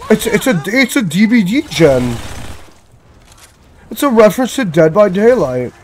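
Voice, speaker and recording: A young man chatting through his game in a slightly raised pitch, excitable and swearing often. His colors the casual play-by-play, with a faint hiss in the background. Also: unhurried. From Canada. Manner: profane, excitable, talks to himself. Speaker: gamer. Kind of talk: casual gameplay commentary.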